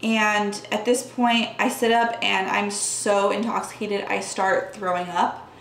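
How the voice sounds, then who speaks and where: A woman's voice: mid-range voice, steady tone, a little slow, vocal fry. A woman vlogger earnestly telling her personal story to the camera, speaking casually with lots of "like" fillers. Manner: earnest, talks with frequent "like" fillers. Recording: echoey room with faint background hum.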